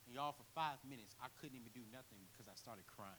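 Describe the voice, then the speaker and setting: Animated man preaching a sermon. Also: medium pitch, fast, few pauses, a little hiss or hum, rough recording. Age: 30s. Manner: animated storytelling, swinging from quiet to near shouting. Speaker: guest preacher. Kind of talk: sermon with personal testimony. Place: church.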